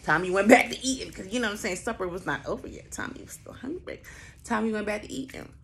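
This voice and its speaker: A young woman telling a story in casual chat, animated and profane, acting out the people in it. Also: medium pitch, rapid-fire. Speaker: storyteller host.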